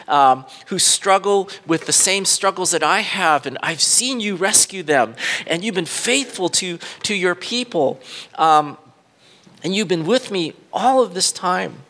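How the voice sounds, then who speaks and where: A man's voice: sits high, fairly bright tone. A male pastor reading scripture and then preaching an earnest sermon, with frequent fillers and restarts.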